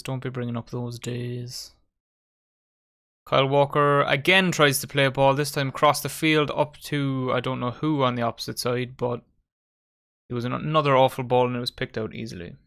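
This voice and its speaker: A man hosts a live match watchalong at a medium pitch. He calls the play in a casual, chatty way and banters with his mates and viewers as the game unfolds. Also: fairly even intonation, moderate pace, fairly bright tone, smooth. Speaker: watchalong host.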